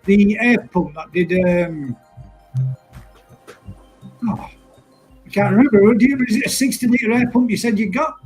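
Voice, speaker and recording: A high-pitched, husky man hosting a relaxed live chat. He laughs easily, rambles through his thoughts and keeps calling everyone mate. Faint music plays softly behind him. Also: normal speed, pauses often, poor audio. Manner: chatty, laughs often, calls people mate. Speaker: live stream host.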